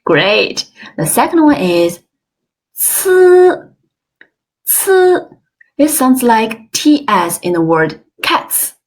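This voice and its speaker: Slow, lively woman teaching pronunciation. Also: medium pitch. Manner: slow, careful, exaggerated tone demonstrations; encouraging, frequent praise. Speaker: Chinese language teacher. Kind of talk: online language lesson, modeling pronunciation. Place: online webinar.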